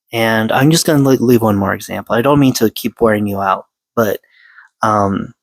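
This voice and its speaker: A man in his forties speaks straight into a close mic, earnest and halting, stopping and restarting often. The sound is dry and close, with no room behind him. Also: fairly low pitch, no echo, low-quality recording. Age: 40s. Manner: halting, with many fillers and restarts. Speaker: vlogger sharing personal story. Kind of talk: earnest personal monologue.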